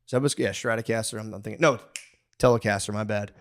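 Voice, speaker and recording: Here a man with a fairly low, quick voice and fairly even intonation hosts a comedy podcast. He launches into a long, profane, rambling story, ranting with mock aggression and littering it with restarts and asides.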